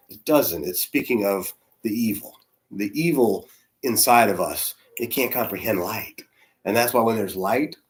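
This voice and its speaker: A man, a church's senior spiritual leader, preaching in a conversational, animated storytelling way with soft asides. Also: fairly low pitch. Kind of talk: storytelling sermon.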